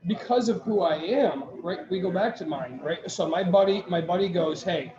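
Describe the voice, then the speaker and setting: A high-pitched man rambles through a story, starting over and acting out what people said to him. The sound is muffled and roomy, with a brewery crowd chattering behind him. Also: moderate pace. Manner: rambling storyteller, restarts, quotes others. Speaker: podcast co-host. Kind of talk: casual chat. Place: brewery taproom. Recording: echoey taproom with crowd chatter, dull sound.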